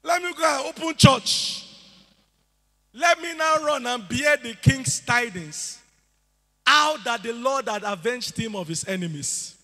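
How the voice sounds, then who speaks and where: A man's voice: very high voice, unhurried, sharp tone, heavily acted. A man acting out an eager young man who begs to be sent, pleading and insistent. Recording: echoey hall with music behind.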